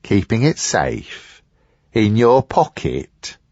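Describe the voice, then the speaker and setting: Man putting on a wheedling greedy old dealer, sour mutter, low, dull dry sound. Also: expressive, measured pace, no room sound. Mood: suspicious. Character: sly greedy older male antique dealer.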